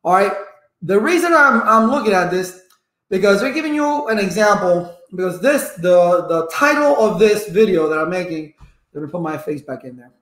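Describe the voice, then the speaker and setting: A man's voice: high voice, lively intonation, normal speed, fairly bright tone, roomy sound. A man running a live-streamed networking lesson, chatty and repetitive, stopping to greet viewers in the chat. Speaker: networking instructor.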